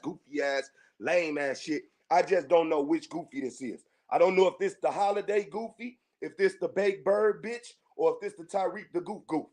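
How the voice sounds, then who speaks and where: Fired-up man ranting with a slightly high voice. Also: a little mellow. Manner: profane, confrontational, repeats himself. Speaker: podcast host. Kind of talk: heated monologue rant to listeners.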